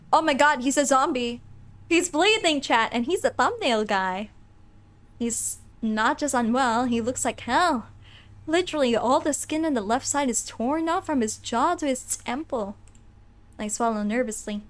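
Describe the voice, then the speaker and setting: Playful woman streamer reading game text. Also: a little high. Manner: animated, playful, reads narration with asides to chat. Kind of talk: casual let's-play, reading game text aloud.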